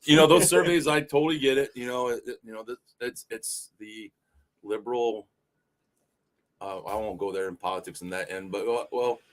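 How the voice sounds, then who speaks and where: A man with a mid-range voice talks at normal speed while filling in as a podcast co-host. His casual chat drifts through stories, full of swearing and filler phrases, especially "you know."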